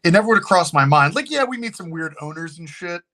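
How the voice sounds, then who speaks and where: A man who owns a haunted location, a guest telling a story in casual, animated talk and swearing freely. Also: sits high, fast talker.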